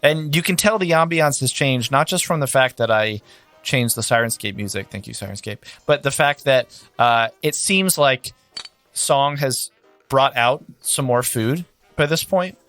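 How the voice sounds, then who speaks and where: A man narrating as game master in a relaxed, conversational way, with faint music underneath. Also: mid-range voice, measured pace.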